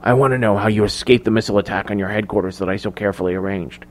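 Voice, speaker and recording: A man reading the part of a cold, scheming male executive villain in an audiobook, speaking quietly and with control. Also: mid-range voice, expressive, fairly quick, lightly acted. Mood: cold, hushed.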